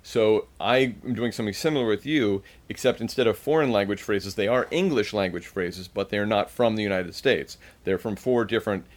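A man's voice: lowish voice, normal speed, hardly any pauses. A man co-hosting a comedy podcast, playfully quizzing his partner on odd phrases and laughing often. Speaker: podcast co-host. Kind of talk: casual comedic chat.

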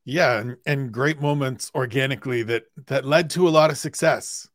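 A man's voice: mid-range voice, moderate pace, a bit bright, no echo, clean studio sound. A man hosting an interview podcast, asking long, conversational questions. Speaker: podcast host.

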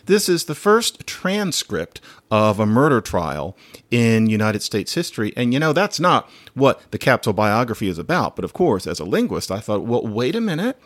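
A man's voice: medium pitch, sing-song, normal speed, dry recording. A man hosting a solo podcast, talking in a chatty, digressive way and laughing now and then. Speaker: podcast host.

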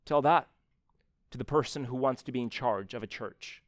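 A man's voice: mid-range voice, moderate pace, no echo, clean studio sound. A young adult man preaching a live sermon in a church, talking conversationally and acting out little exchanges with people. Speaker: pastor.

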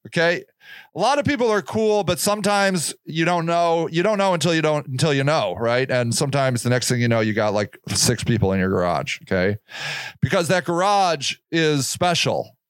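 A man's voice: on the high side, no room sound. A man hosting a podcast, giving blunt, repetitive advice in a casual monologue and acting out the people he quotes. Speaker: podcast host.

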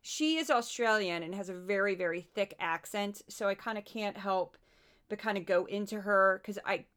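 A woman with a Midwestern American accent hosting a podcast, talking in a chatty, animated way with asides. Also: medium pitch, normal speed, clean tone. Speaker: podcast host. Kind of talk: casual commentary.

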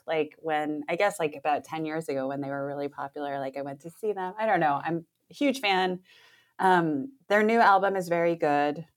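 Low-pitched woman chatting, hedging thoughtfully. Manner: thoughtful and hedging, with fillers and light laughs. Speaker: podcast co-host. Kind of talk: casual chat.

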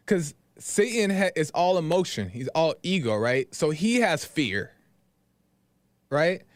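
A man with a slightly high voice tells a story on his own podcast in a loose, rambling way, circling back with "right?" and "you know". The recording is dry and close, with no room around it. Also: sing-song, takes it slowly, dry recording. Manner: loose, repetitive, talks in fillers and "right?". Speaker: podcast host. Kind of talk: casual storytelling monologue.

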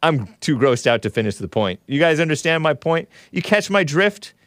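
A man's voice: fairly high pitch, big pitch swings, moderate pace, a bit bright, no room sound, studio quality. A man hosting a live call-in stream, reading viewer messages in casual talk, often laughing, sighing and groaning in disgust. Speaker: show host reading super chats.

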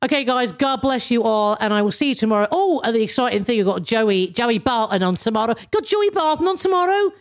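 A woman's voice: on the high side, fast talker, few pauses. A woman in her fifties hosting a casual solo podcast, chatty and rambling, with lots of restarts and swearing. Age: 50s. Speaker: podcast host.

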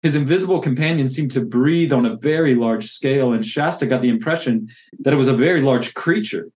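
A man's voice: medium pitch, a little fast, a little mellow. A man who plants churches reads from a classic novel and reflects earnestly on faith. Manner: earnest, reflective, with many restarts.

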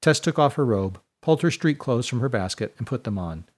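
Man narrating a storybook, measured and even. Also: medium pitch, breathy edge.

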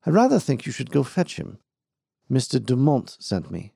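A man's voice: mid-range voice, huge pitch swings, moderate pace, creaky, warm tone, breathy edge, dry recording, clean studio sound, exaggerated voice. A man voicing an aristocratic male engineer who speaks formally, with command and disdain.

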